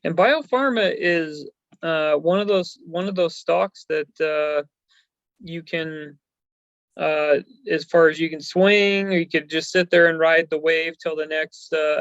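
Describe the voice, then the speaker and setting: A man's voice: fairly high pitch, a bit bright, dry recording, muffled recording. A man hosting a stock news chat, talking casually and rambling with many fillers and hesitations. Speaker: stock show host.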